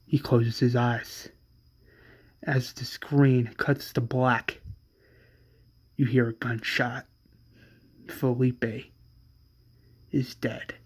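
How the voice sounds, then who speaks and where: A man casually retelling an imagined episode as a fan, excitable and profane. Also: medium pitch, drawn-out words, pauses often, breathy edge. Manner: excitable and profane, with many restarts. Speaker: fan storyteller.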